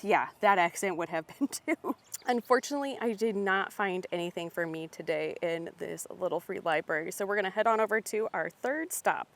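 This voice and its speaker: A woman's voice: medium pitch, no echo. Bubbly young woman vlogging outdoors. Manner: bubbly, excited, laughs often. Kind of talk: casual vlog, reading book blurbs aloud. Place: outdoors at little free libraries in a park.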